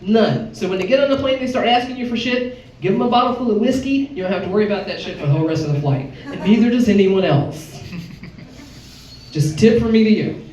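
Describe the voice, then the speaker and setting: Her delivery is quick, mellow and expressive: a Chicago stand-up in her fifties, brash on a club stage, throwing her voice into big pitch swings for each character. The audience laughs throughout, heard through a faintly noisy, echoey recording taken from a distance.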